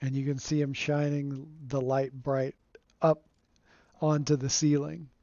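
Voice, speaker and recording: A game streamer with a mellow, slightly high voice speaks slowly, giving relaxed, rambling commentary over his gameplay and chuckling often. The audio is dull and lo-fi, close and dry on a home streaming mic, with no room sound.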